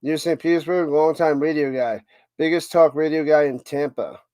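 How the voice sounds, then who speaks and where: A man's voice: fairly high pitch, moderate pace, no echo. A man with a New York accent streaming a watch party, calling plays and chatting with viewers. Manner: excitable calls, chatty asides to viewers. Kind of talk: live stream play-by-play and chat reading.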